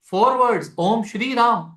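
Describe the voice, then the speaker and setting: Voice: mid-range voice, takes it slowly, a bit bright. Indian accent, astrology teacher, live class, repeats phrases, quizzes students, roomy echo. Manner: explanatory, repeats key phrases, mixes Hindi into English; addresses students directly with questions. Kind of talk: live masterclass lecture. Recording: echoey room.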